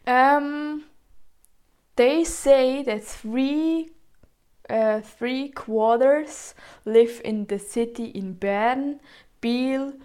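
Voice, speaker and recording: Slow-speaking Swiss woman presenting. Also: high voice, a little mellow, smooth. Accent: Swiss German. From Switzerland. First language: Swiss German. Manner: hesitant, with many ums and self-corrections. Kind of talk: informal presentation.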